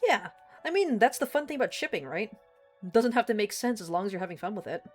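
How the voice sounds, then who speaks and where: A woman's voice: medium pitch, animated, fast, soft background music. A woman streaming a game live, chatting casually with a co-player, swearing often and laughing easily.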